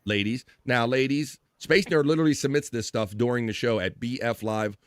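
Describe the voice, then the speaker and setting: A man's voice: mid-range voice, brisk, no room sound, studio quality. A man hosting a live stream, joking loosely and reading viewer comments aloud, with mild swearing. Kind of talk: casual live stream chat.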